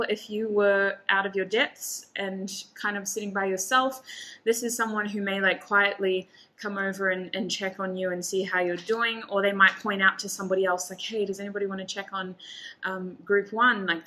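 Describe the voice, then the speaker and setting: Bright-voiced woman reading tarot cards. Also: mid-range voice. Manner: chatty, thinks aloud, laughs often. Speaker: tarot reader. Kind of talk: casual tarot reading to camera.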